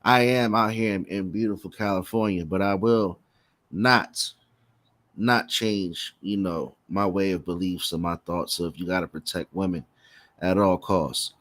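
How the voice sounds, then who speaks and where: A man's voice: low voice, steady tone, unhurried, fairly bright tone, no echo. A man co-hosting a podcast, laid-back and joking as he gives his opinions in casual chat. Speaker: podcast co-host.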